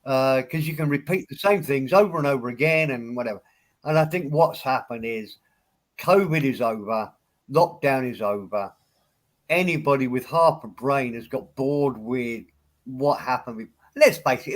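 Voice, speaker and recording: A man's voice: mid-range voice, animated, normal speed, fairly bright tone. A man in a casual chat, speaking in a wry, understated way. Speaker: podcast co-host.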